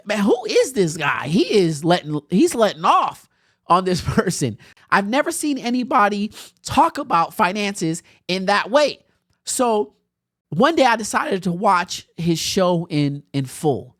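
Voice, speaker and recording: Here a young adult woman of medium pitch hosts a podcast, chatting through a personal anecdote with lots of animation and bursts of laughter. The audio is studio quality with no room sound.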